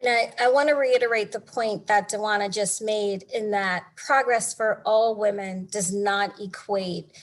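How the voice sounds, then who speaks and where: A woman speaking as a panelist in an online panel discussion, with an earnest, measured delivery. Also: mid-range voice, fairly even intonation.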